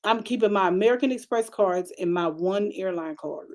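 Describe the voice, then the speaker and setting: A middle-aged woman pastor who preaches like she is talking to friends, in a loose vernacular style. She climbs again and again into sharp, emphatic high notes. Her voice sits at a middle pitch. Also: normal speed. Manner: conversational preaching, rising to emphatic high bursts. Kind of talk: sermon.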